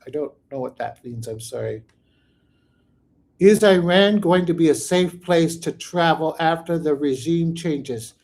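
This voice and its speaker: A higher-voiced man answering viewer questions. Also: a little slow, a little mellow, slight background noise. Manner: rambling, thinks aloud while answering. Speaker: psychic channel host. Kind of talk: live viewer Q&A.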